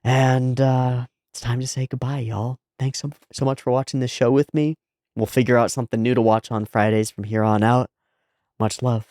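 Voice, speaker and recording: A man's voice: mid-range voice, little pitch movement, normal speed, darkish tone, no echo, clean studio sound. A man hosting an anime reaction channel, wrapping up a season with earnest, thoughtful casual commentary and filler words.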